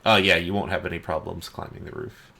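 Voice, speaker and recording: Low-voiced guy running a tabletop game, calm, recapping stuff for the players. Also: brisk, gravelly. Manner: calm, reminds players of events. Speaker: game master.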